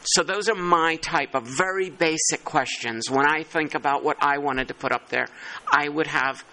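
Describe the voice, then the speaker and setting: A man's voice: fairly high pitch, moderate pace, sharp tone, poor audio. A man chairing a working-group meeting, thinking aloud and poking fun at himself. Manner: thinking aloud, self-deprecating.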